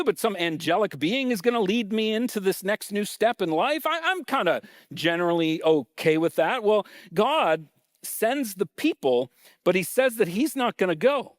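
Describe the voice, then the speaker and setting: A male pastor preaching a sermon in a casual, conversational way, reading scripture aloud and then explaining it with lively reactions. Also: high-pitched, no echo, clean studio sound. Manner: animated and conversational, acting out reactions.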